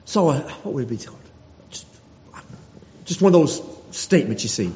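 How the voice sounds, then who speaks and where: A man's voice: fairly high pitch, big pitch swings, normal speed, warm tone. A man preaching a sermon, earnest, repeating phrases and restarting his sentences as he goes. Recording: dull lo-fi recording in a reverberant hall.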